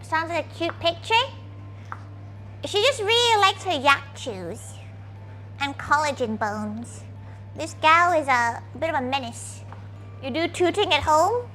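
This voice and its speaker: A woman's voice: high-pitched, lively intonation, measured pace, long pauses, bright, forceful tone, a little hiss or hum. A woman streaming as a VTuber, chatting casually while cooking and talking to her dog, playful and crude, referring to herself in the third person.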